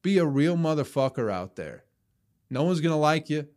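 A man's voice: fairly high pitch, sing-song, moderate pace, a little mellow. A man hosting a comedy podcast, talking in a casual, profane, ranting way.

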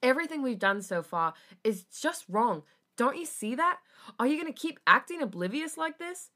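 A woman's voice: mid-range voice, big pitch swings, normal speed, fairly bright tone, pitched above the performer's own voice. A woman reading a fanfic aloud, voicing a guilty, upset young man who speaks in an exasperated, accusing way.

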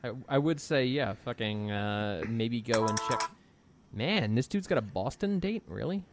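A man co-hosting a podcast, reacting with sarcastic disbelief and frequent swearing. His pitch swings widely from phrase to phrase. A faint ambient hum sits behind his voice. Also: expressive, unhurried. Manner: incredulous, profane, sarcastic. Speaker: podcast co-host. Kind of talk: casual podcast banter.

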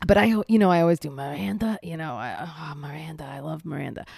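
A young woman co-hosting a podcast, telling a story in animated casual chat. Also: sits low, fast, gravelly, husky, no room sound, studio quality. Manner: animated storyteller, breaks into squealing excitement. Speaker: podcast co-host.

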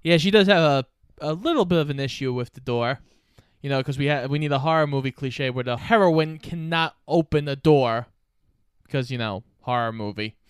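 A man co-hosts a podcast and drops relaxed, wry comments about a movie. His voice is smooth and clear at a middle pitch. It sounds dry and close. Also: moderate pace, no echo. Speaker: podcast co-host. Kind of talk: casual movie chat.

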